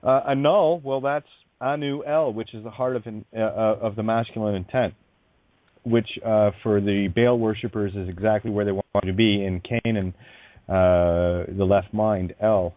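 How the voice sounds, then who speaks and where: Halting low-voiced man hosting a radio show. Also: fairly even intonation, no echo. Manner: halting, many fillers and restarts, musing. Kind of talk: call-in radio talk. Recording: dry phone-line sound.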